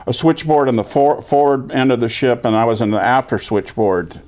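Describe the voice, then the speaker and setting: A man's voice: medium pitch, normal speed. An older veteran in an oral history interview, telling his story with energy and acting out other people's lines. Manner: lively storyteller, acts out quoted voices.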